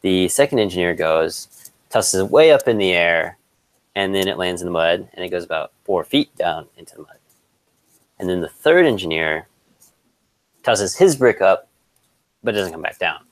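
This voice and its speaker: A man in casual chat, laid-back, chuckling often and telling jokes with a slow build-up. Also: sits low, animated, no room sound, rough recording.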